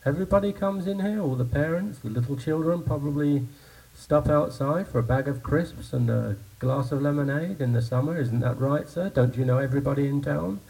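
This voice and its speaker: A man's voice: a little high, a little fast, creaky, warm tone, recorded from a distance, voice pushed up, rough recording. A man playing a chatty, jovial pub visitor. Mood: coaxing. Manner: jovial, coaxing and talkative. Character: hearty male visitor to a village pub, eager and chatty.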